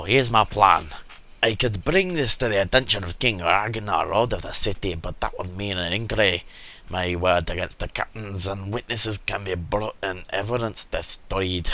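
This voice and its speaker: A man's voice: sits low, bright, forceful tone. A man putting on a scheming merchant with mock Scottish lilt. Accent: put-on Scottish. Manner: wordy, conspiratorial storytelling. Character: scheming middle-aged town merchant man.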